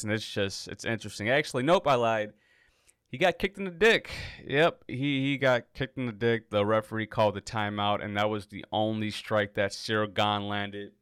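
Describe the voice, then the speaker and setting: A man's voice: lowish voice, fairly bright tone, clean tone, no room sound, studio quality. A man hosting a casual fight preview, talking in a loose, joking way and often correcting himself as he rambles. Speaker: MMA podcast host.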